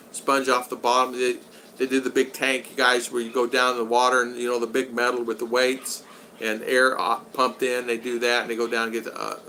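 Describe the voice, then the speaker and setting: A man's voice: mid-range voice, bright, forceful tone, slight background noise, rough recording. An older man hosting a live stream, chatting loosely and greeting viewers by name as he rambles. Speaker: vlog host reading live chat. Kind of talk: casual live-stream chat.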